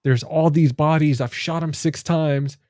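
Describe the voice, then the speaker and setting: A man co-hosting a casual movie chat, relaxed and full of dude and like. His voice sits a little high and sounds mellow. The sound is dry and close. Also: measured pace, no room sound. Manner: relaxed, says "dude" and "like" a lot. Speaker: podcast co-host.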